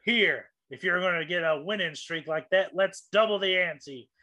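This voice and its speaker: Gruff tavern brawler, blunt threats, man doing it, tabletop game. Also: high voice, normal speed, bright, forceful tone. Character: tough male bar brawler who punches patrons.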